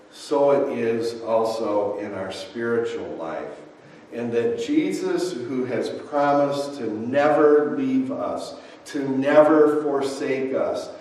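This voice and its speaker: A male pastor preaching a sermon, telling a personal story in a measured way. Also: medium pitch, darkish tone, slight background noise. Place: church sanctuary. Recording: echoey church hall, distant mic.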